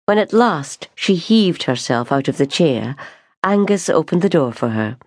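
Unhurried woman narrating a novel. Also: deep voice, big pitch swings, darkish tone, no room sound, clean studio sound. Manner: measured, unhurried storytelling. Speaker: audiobook narrator. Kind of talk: scripted narration.

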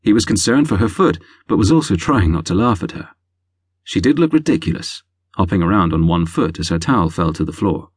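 Deep, husky male audiobook narrator. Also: brisk, no echo, clean studio sound. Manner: lively, wry storytelling. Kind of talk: scripted narration.

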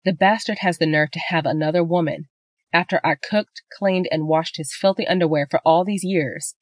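A woman's voice: on the low side, steady tone, normal speed, no echo, lightly acted. A woman voicing a betrayed wife and mother who speaks in heated, angry bursts, in a dry-sounding audiobook reading. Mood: ranting. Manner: heated, raising her voice in anger.

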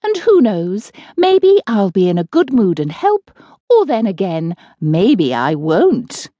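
A woman's voice: medium pitch, huge pitch swings, slow, mellow, dry recording, highs cut off, heavily acted. A woman voicing a fierce, bossy old witch who hurls scornful insults, in a close dry studio recording.

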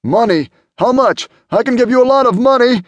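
A man's voice: sits high, lively intonation, slow, a little mellow, no room sound, muffled recording, pitched above the performer's own voice. A man voicing a frightened, sobbing passenger who sputters and begs in an audiobook. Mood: desperate. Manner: sputtering, begging.

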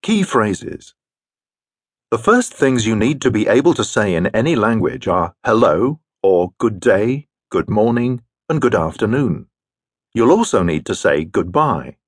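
Low, husky male course narrator. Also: very animated, no echo, studio quality. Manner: measured announcing of section headings. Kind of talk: scripted narration.

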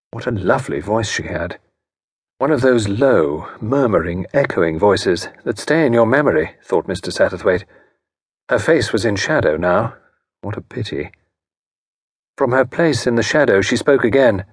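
A man narrating an audiobook in a measured, expressive storytelling manner. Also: lowish voice, breathy edge, no echo, studio quality. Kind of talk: scripted narration.

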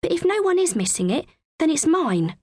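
A woman's voice: very high-pitched, very animated, moderate pace, darkish tone, dry recording, pitched above the performer's own voice. A woman voicing a young boy who eagerly and indignantly defends his treasure, in a children's audiobook. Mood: pleading. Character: young boy, proud and possessive.

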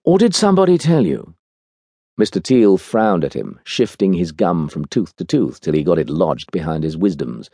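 A man reading an audiobook aloud, telling the story in an expressive, wry way. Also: low-pitched, moderate pace, few pauses, husky, dry recording, studio quality. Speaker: audiobook narrator. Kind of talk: scripted audiobook narration.

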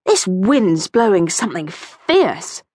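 A woman's voice: mid-range voice, sing-song, slow pace, darkish tone, slightly rough, no echo, studio quality, heavily acted. A woman doing a cheery village postman. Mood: friendly. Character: friendly village postman, adult man. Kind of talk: audiobook character voice.

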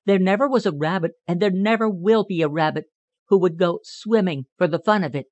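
An indignant young cottontail rabbit, voiced by a male narrator, pitched up and proud, protesting quickly in a storybook. The recording is dry and slightly dull. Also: no echo, natural voice. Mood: cross. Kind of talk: audiobook character reading.

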